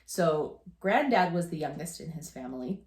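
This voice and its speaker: A woman's voice: sits low, lively intonation, normal speed, darkish tone. A woman in her fifties, co-hosting a casual chat, telling rambling family stories with restarts and laughter. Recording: echoey room.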